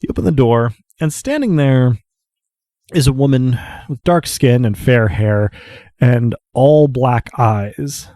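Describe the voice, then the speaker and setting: A man narrating a tabletop game as game master, in a measured, descriptive way. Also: mid-range voice, dark tone, no room sound.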